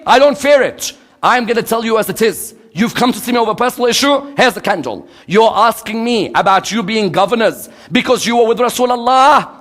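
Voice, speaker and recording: In a high voice, a man lectures on religion, asking the audience rhetorical questions. He acts out quoted dialogue and moves in dramatic swings between loud and hushed.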